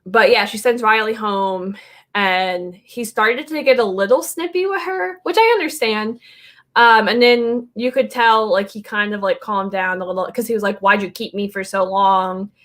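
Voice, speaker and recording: A woman's voice: a little high, normal speed, a bit bright. A woman co-hosting a podcast in casual chat, talkative, laughing often and filling her talk with "like" and "um". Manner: chatty, laughs often, many "like"s and "um"s. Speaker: podcast co-host.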